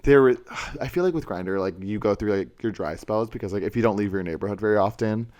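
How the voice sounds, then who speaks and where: A young man co-hosting a podcast, talking in a sassy, animated way, swearing freely and calling people mama and girl. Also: lowish voice, quick pace. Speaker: podcast co-host. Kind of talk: casual chat.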